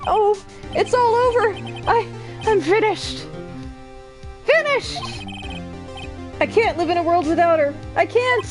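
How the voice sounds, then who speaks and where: A woman's voice: high voice, big pitch swings, moderate pace, few pauses, over music. A woman voicing a melodramatic young man who wails in heartbroken despair while reading a game aloud. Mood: wailing despair. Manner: wailing, over-the-top despair. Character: panicked heartbroken young man, dramatic slacker.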